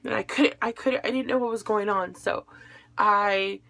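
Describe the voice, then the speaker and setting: A woman's voice: medium pitch, steady tone, normal speed, gravelly, fairly bright tone. A young adult woman recounting a painful day in a personal vlog, emotional as she relives events and quotes the people she spoke with. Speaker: widow telling her story.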